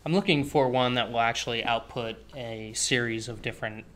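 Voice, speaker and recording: A man's voice: mid-range voice, fairly quick, fairly bright tone. A man giving a casual screen-share web tutorial, thinking aloud with offhand, dry sarcastic asides. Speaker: web developer teaching a tutorial.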